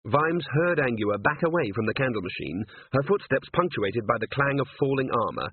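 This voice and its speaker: Husky guy reading a novel aloud, lively pitch, tinny phone-ish sound. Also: moderate pace, hardly any pauses, no room sound. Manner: expressive storytelling. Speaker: audiobook narrator. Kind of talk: scripted narration.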